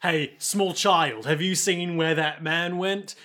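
Blustery rowdy townsmen hunting a fugitive , as a man puts them on, voiced a little higher than his normal voice. It comes across as playful and loose, an everyday voice with small shifts. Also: sing-song, a little slow, sharp tone, full character voice.

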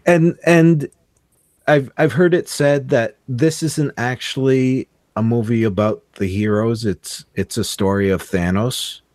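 Slow-talking man, dry close sound. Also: mid-range voice, a little mellow, no room sound. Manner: rambling, repeats words while thinking. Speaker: podcast co-host. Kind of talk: casual roundtable chat.

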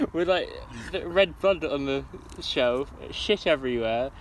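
A man's voice: fairly high pitch, expressive, measured pace, crowd noise. Sweary man telling stories. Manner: sweary, laughing storyteller. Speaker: podcast co-host. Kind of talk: casual chat.

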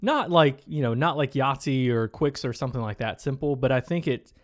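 A man co-hosting a casual board game podcast, explaining rules in a relaxed, plain way. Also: mid-range voice, fairly quick. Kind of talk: casual chat. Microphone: studio microphone.

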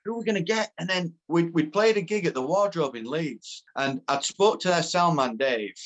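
A man tells a story in relaxed conversation, bringing it to life by playing every character in it. His voice sits a little high for a man, and he often stops and starts again mid-sentence. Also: normal speed, low-quality recording. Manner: animated, acts out quoted voices, restarts often. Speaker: band member telling a story. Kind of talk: casual storytelling chat.

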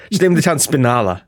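A man co-hosting a podcast in casual chat, rambling with many restarts and quick asides. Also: medium pitch, no echo, studio quality. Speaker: podcast co-host and gaming video creator.

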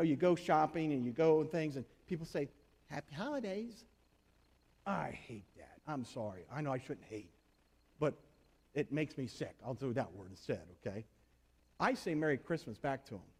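A man's voice: mid-range voice, a little mellow. A man preaching a sermon in a conversational, emphatic way, asking the congregation rhetorical questions. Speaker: pastor.

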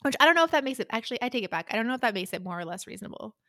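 Bright, dry-voiced young woman podcaster. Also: a little high, very fast, no echo. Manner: opinionated, animated retelling with quoted voices. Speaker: podcast co-host. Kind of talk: casual chat discussing a romance book.

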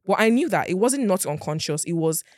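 A young woman, chatting casually as a co-host and arguing her views in an animated way. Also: on the low side, a little fast, no room sound, clean studio sound. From Nigeria. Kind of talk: casual chat.

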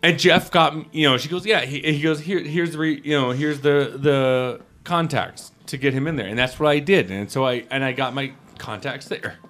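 A man's voice: a little high, moderate pace, few pauses, a bit bright, soft background music. A man who works as a film critic, talking casually and getting emotional, stammering and swearing a lot as he tells his story. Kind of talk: casual podcast chat.

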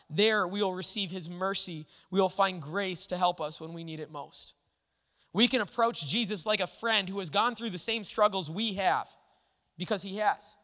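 A pastor with a high-pitched, fairly bright voice preaches a sermon, earnest and conversational, often restarting his sentences. The recording carries a long hall reverb.

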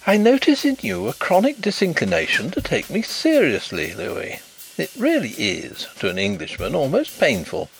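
Period audiobook detective, cultured and wry, measured delivery, lively pitch, read by a man. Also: vocal fry, faint music behind, exaggerated voice, poor audio.

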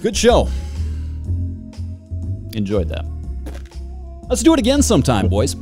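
A man's voice: medium pitch, huge pitch swings, measured pace, dark tone. A man hosting a podcast, telling stories and ranting in crude, joking banter. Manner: profane, ranting, jokey. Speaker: podcast host. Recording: faint music bed behind.

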